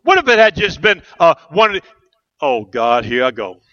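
Man, pastor, rousing sermon, bright tense voice, dull muffled recording. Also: a little high, big pitch swings, normal speed. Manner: rousing call-and-response preaching, asks the church questions. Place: church.

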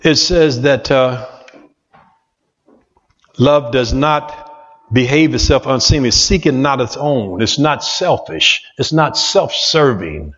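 A man's voice: mid-range voice, animated, takes it slowly, fairly bright tone. A man preaching a sermon in a church, folksy and repetitive, talking straight to the congregation. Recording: muffled echoey church hall recording.

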